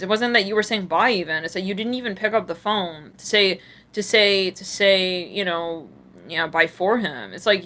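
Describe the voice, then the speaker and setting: A woman runs a live tarot reading, talking straight to her viewers in a chatty, sassy, blunt way. Her voice is bright and forceful. Slang and swearing run through her talk, and laughter keeps breaking in. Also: medium pitch. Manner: laughs a lot. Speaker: tarot reader.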